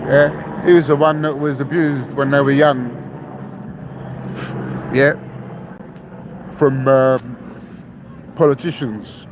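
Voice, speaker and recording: Against a noisy background, a man raised in London delivers a rambling podcast monologue, slow and full of pauses. His mid-range voice keeps fairly even intonation as he swears, repeats points, and tags remarks with "yeah?" in a blunt, defiant way.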